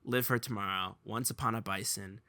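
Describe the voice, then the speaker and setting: A young man hosting a casual podcast chat, telling stories with lively, laughing energy. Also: fairly low pitch, brisk, no room sound. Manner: animated storyteller, laughs while telling. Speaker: podcast host.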